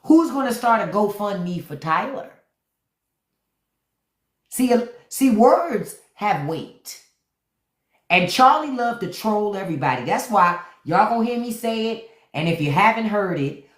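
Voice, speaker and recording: Woman host, unfiltered livestream rant, animated pitch, swears freely, echoey room sound. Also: measured pace. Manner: blunt, profane, talks straight to viewers; repeats key words for emphasis.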